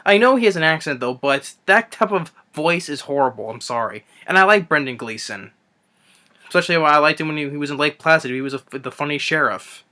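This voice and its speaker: A man's voice: fairly high pitch, lively intonation, brisk, pushed and bright. A young man reviewing a film in an unscripted rant, rambling with many restarts and fillers. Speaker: movie reviewer.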